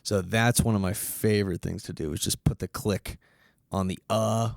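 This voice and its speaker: A man's voice: lowish voice, steady tone, normal speed, vocal fry, dry recording, clean studio sound. A man giving a casual music lesson, explaining step by step and counting beats aloud. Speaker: music teacher.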